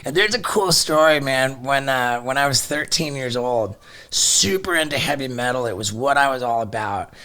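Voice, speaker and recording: A middle-aged man telling a story in casual chat, animated, swearing often and restarting his sentences. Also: mid-range voice, moderate pace. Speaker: podcast guest.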